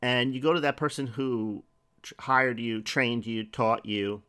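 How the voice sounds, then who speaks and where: A man's voice: medium pitch, steady tone, unhurried, sharp tone, clear, resonant tone. A middle-aged man preaching a sermon in a conversational way, asking rhetorical questions and reading scripture aloud.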